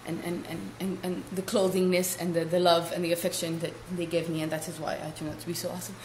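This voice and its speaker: A woman's voice: fairly low pitch, little pitch movement, quick pace, a little mellow. A young woman rambling through a comedic vlog, playful and silly, with giggly asides. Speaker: vlogger. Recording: echoey room with faint hiss.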